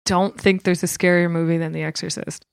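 A woman's voice: fairly low pitch, little pitch movement, brisk, creaky, clear, resonant tone, no echo, studio quality. A woman guest who studies fear, chatting casually and laughing easily. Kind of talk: casual chat.

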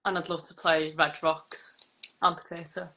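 A woman's voice: low-pitched, little pitch movement, a little slow, bright, forceful tone. A nineteen-year-old woman, a singer-songwriter guest, chatting casually and filling her talk with "like". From England. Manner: chatty, fills with "like", laughs often. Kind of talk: casual chat.

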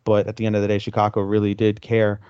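A man's voice: lowish voice, quick pace, clean tone, dry recording, highs cut off. Man animatedly recapping an episode. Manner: animated retelling, acting out characters' lines. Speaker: podcast co-host.

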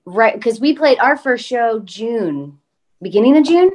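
A woman's voice: fairly high pitch, lively intonation, a little slow, darkish tone. A woman in a band, guesting on a podcast over a video call, playful and easygoing. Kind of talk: casual interview chat. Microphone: video call recording.

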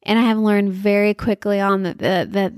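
An earnest woman in her thirties tells a story from her own life. She speaks at a middle pitch and confides in the listener. Her voice is recorded close and dry. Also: fairly even intonation, moderate pace, no echo. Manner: earnest, confiding, acts out quoted dialogue. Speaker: mother sharing faith stories. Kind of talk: personal storytelling.

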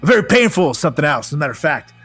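A man's voice: a little high, very animated, racing, fairly bright tone, slightly rough, soft background music. A young man hosting a comedy podcast, telling a funny personal story in a profane, laughing, playful way.

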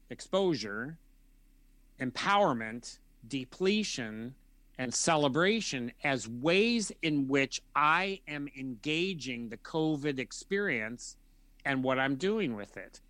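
Bright-voiced man giving an interview answer. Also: fairly high pitch, animated, dry recording. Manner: measured, repetitive listing of feelings. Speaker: guest expert.

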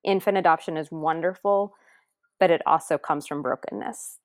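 Low-voiced woman telling her story. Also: moderate pace, no room sound, clean studio sound. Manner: earnest, tender, drops to near-whisper at moments. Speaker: adoptive mother guest. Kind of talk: personal storytelling.

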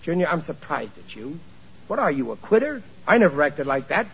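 A man's voice: a little high, big pitch swings, brisk, slight background noise. An actor playing a blustering, flustered working-class father who talks in bad grammar, in a 1940s radio sitcom with a muffled old broadcast sound. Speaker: sitcom lead.

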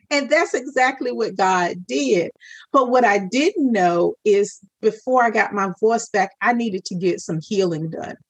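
A woman shares her personal story of faith as a podcast guest, speaking earnestly and voicing her own past prayers. Her voice sits at a middle pitch. The sound is dry and close, with no room echo. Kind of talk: personal testimony in an interview.

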